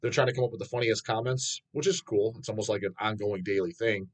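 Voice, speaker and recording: Fielding fan questions on his own channel, a thirtysomething host rambles bluntly, cursing nonstop and laughing at his own expense. He talks fast in a lowish voice over a rough recording.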